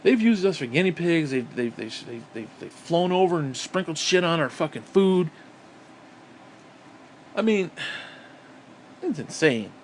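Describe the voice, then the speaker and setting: A man's voice: a little high, very animated, measured pace, long pauses, a little hiss or hum. Heated, profane man ranting. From upstate New York. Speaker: vlogger. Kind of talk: angry political rant.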